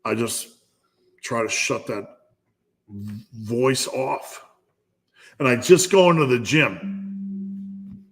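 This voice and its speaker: This is a man hosting a live fitness Q&A. He speaks at an easy, deliberate pace in a middle pitch. His pep talk is blunt and salted with profanity. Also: animated, fairly bright tone. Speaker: fitness channel host.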